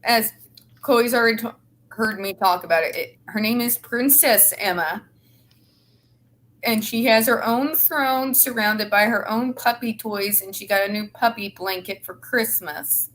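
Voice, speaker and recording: A woman's voice: a little high, measured pace, a bit bright. A woman hosting a casual group chat, heated, indignant and swearing freely. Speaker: host.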